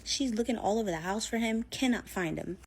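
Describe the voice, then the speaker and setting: A woman's voice: a little high, a little fast, darkish tone, husky. A woman telling a scary story in a chatty, casual way, full of fillers, acting out what people said. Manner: chatty, filler-heavy, acts out quotes.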